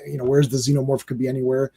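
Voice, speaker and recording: A man co-hosting a casual movie discussion, rambling and animated with quick asides. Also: medium pitch, slightly rough. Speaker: podcast co-host.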